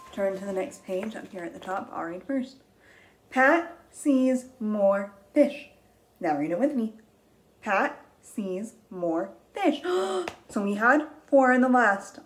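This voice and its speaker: A woman reading a picture book aloud to young children as their teacher, gentle and patient, counting along and gasping with wonder. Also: medium pitch, sing-song, moderate pace, low-quality recording. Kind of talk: slow read-aloud lesson for young children.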